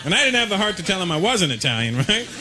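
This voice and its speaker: A male stand-up comedian from Canada, telling stories in an animated, casual way on stage, recorded at a live show with loud audience noise. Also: high voice, fast talker.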